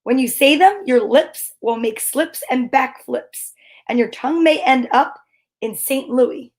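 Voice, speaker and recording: A woman's voice: high voice, measured pace, a little mellow. A woman comedian reading a rhyming children's book aloud, breaking off into nervous, whispered asides. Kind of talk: comic read-aloud with asides.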